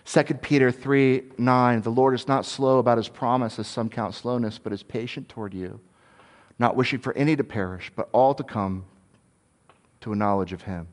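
A man preaching a sermon in an earnest way, sometimes dropping soft and low, sometimes rising and emphatic. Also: fairly even intonation, normal speed.

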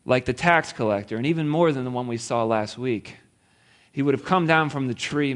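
A man's voice: medium pitch, normal speed, fairly bright tone. A man preaching a sermon, retelling a story in a playful way with laughs and acted-out quotes. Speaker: pastor.

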